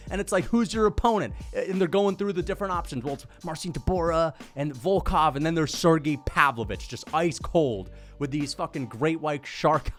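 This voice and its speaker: A man giving casual, excitable MMA commentary with profanity and slang. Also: fairly high pitch.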